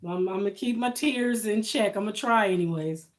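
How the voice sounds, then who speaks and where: A woman's voice: mid-range voice, moderate pace. A woman, chatting on a live stream, emotional and thankful, laughing often. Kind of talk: casual live-stream chat with viewers.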